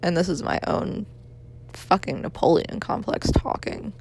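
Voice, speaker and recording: A woman's voice: on the low side, expressive, measured pace, a little mellow, slightly rough. A young woman in her twenties leaving a rambling, apologetic voicemail, tired and yawning as she talks.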